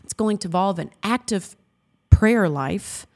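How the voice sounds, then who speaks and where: A woman's voice: mid-range voice, lively intonation, unhurried. A woman in her thirties co-hosting a Christian marriage talk, speaking earnestly and affectionately and quoting scripture. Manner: earnest and affectionate, laughs often, quotes scripture. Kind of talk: heartfelt faith-based chat.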